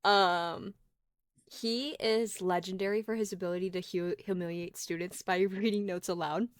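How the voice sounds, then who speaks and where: A woman's voice: mid-range voice, fairly even intonation, moderate pace, dry recording, clean studio sound. A woman co-hosting a book podcast in casual chat, giggly and reading passages aloud. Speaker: podcast co-host.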